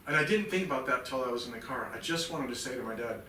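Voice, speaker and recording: A military veteran in his fifties, appearing as a podcast guest, tells a raw personal story in a bright, forceful, intense and profane voice, swinging from low murmurs to loud outbursts and talking fast and animatedly. He sits back from the mic, so he sounds distant in a roomy, echoing space with a faint hum behind him.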